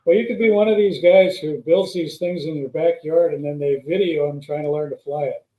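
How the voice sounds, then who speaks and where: A man's voice: on the high side, brisk, lo-fi sound. Man telling long pilot stories. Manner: rambling anecdotes with restarts. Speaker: guest, former stunt pilot. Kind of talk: storytelling in casual chat. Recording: roomy echo.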